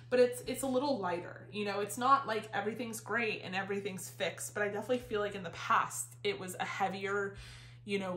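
A woman's voice: mid-range voice, fairly bright tone. Chatty, slightly breathless woman reading tarot. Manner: chatty and rambling, full of fillers and casual swearing. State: a little out of breath. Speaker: tarot reader. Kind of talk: casual tarot reading to camera. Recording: roomy echo.

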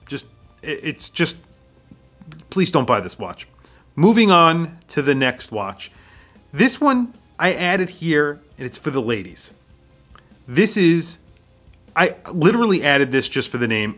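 A man's voice: on the high side, a bit bright. Man mocking cheap watches, dry humor. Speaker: watch reviewer. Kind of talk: casual video review.

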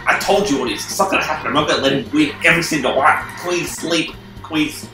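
A man's voice: fairly high pitch, quick pace, pushed and bright, roomy sound, faint music behind, low-quality recording. A man co-hosting a gaming channel, competitive and playfully trash-talking his friend as they play. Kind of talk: casual chat over gameplay.

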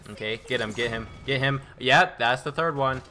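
Hyped up guy narrating his gameplay, bragging a lot, bright tense voice. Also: medium pitch, normal speed. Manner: excitable and boastful. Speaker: gaming YouTuber. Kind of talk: live gameplay commentary.

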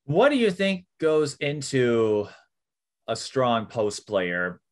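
A man's voice: medium pitch, very animated, takes it slowly. A man interviewing a young athlete for a sports show, teasing her playfully and laughing along. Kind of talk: casual interview.

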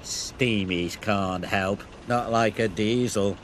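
A man voicing a sly, sneering male diesel engine in a children's cartoon, with a slow, oily drawl. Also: medium pitch, fairly bright tone, slight background noise, voice pushed up.

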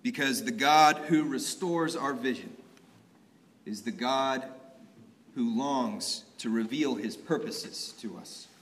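A man's voice: mid-range voice, slow pace, fairly bright tone, a little hiss or hum. A young man preaching a sermon, telling the story in a vivid, conversational way. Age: young adult. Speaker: preacher at an ordination. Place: church sanctuary. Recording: long church reverb.

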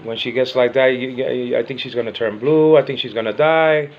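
A man's voice: mid-range voice, steady tone, fairly quick, highs cut off, slight background noise. An older man whose first language is Spanish, chatting casually in a home vlog, rambling and repeating himself, teasing and affectionate. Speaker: vlogger.

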